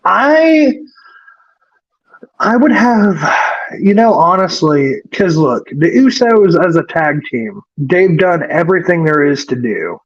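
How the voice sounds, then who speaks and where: A man's voice: a little high, big pitch swings, takes it slowly, highs cut off. A man co-hosting a wrestling podcast, recapping the show in casual chat and rambling with lots of fillers and swearing.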